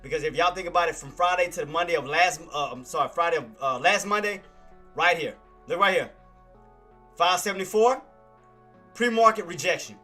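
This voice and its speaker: A high-pitched man with a bright, forceful voice runs a live market commentary stream. He talks straight to his chat, repeats his points and swears freely. Soft music plays faintly in the background. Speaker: trading stream host.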